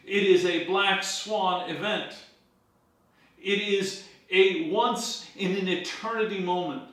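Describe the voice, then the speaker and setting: A man's voice: a little high, fairly bright tone. A man, a pastor leading a Bible study in a church, teaching emphatically and asking his listeners rhetorical questions. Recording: very echoey room, voice far from the mic.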